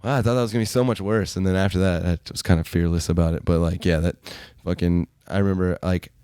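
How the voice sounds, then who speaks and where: A man with a low, mellow voice tells rambling podcast stories in loose, casual talk full of fillers and swearing. His tone is smooth and clear, and he sounds close to the mic in a dry, dead room. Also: fairly even intonation, fast talker, no echo. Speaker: podcast host. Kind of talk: casual storytelling.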